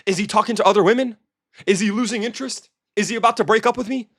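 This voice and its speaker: A man's voice: sits high, fast talker, vocal fry, a bit bright, no echo, clean studio sound, voice pushed up, heavily acted. A man quoting the inner thoughts of a hypothetical young girlfriend in his own voice. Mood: musing. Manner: quoted inner thoughts, rising questions.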